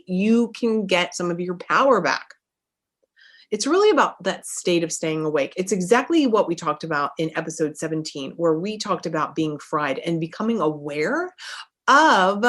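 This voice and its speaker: Woman, podcast host, life coach, motivational monologue, emphatic, somewhat low voice. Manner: energetic and emphatic, repeats phrases for effect.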